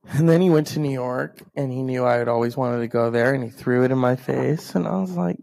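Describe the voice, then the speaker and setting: Gravelly man in a profane rant. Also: medium pitch, a little fast, hardly any pauses. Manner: profane, heated ranting; animated storyteller who acts out others' lines. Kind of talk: ranting personal storytelling monologue.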